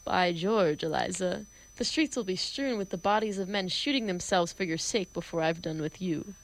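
A woman's voice: on the high side, expressive, a little fast, fairly bright tone, slight background noise, poor audio. A woman reading the part of a domineering male professor in an amateur play reading, brusque and theatrical. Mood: imperious.

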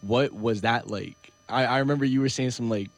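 A man's voice: mid-range voice, normal speed, dry recording. A man interviewing a guest in casual chat, asking loose, rambling questions.

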